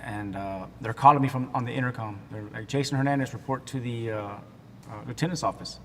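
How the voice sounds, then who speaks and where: A man in his forties from Texas tells his life story as an interview guest, halting and restarting, taking on the voices of people in his story. His voice has a long reverb tail, as if in a large hall. A faint low rumble sits underneath. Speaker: guest sharing his testimony. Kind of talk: emotional personal storytelling in an interview.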